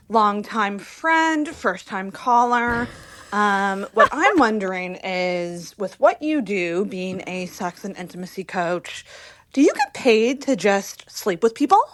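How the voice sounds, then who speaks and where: A woman calls in a question by voicemail, speaking slowly and jokily with the odd hesitation. Her voice sits at a middle pitch. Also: animated. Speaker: voicemail caller.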